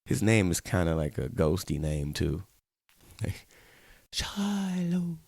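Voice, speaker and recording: A man's voice: rumbling low, measured pace, creaky, a little mellow, no room sound. A man hosting his own web show alone, talking straight to viewers in a playful, rambling way. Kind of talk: casual solo talk-show monologue.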